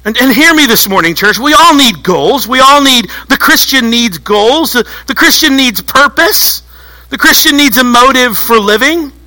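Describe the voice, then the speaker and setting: A man preaching a sermon to a church congregation, telling stories in an animated way and acting out little voices. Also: very high voice, normal speed, rough recording. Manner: animated storytelling, acts out voices. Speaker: pastor.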